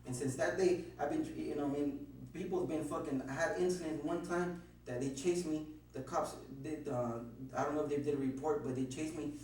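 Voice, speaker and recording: A man's voice: on the high side, fairly even intonation, fairly quick, darkish tone. A man being questioned, nervously rambling through his account with lots of swearing and restarts. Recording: very echoey room, distant mic, faint hum.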